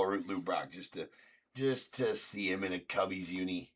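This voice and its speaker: A man's voice: sits low, normal speed, slight background noise. A man hosting a live-streamed card break, rattling off teams and names and joking with viewers. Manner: chatty, rattles off team and name lists, jokes with viewers.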